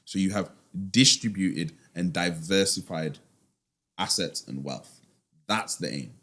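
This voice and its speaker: A man's voice: deep voice, measured pace, fairly bright tone. A man, a finance guest in a casual podcast interview, talking emphatically and firing off rhetorical questions in a slangy way.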